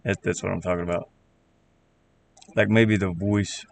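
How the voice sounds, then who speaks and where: A man with a Southern accent chatting casually on a live stream while he builds a game, rambling in halting, self-correcting bits. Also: low voice, fairly even intonation, vocal fry, slight background noise. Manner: rambling, halting, restarts words.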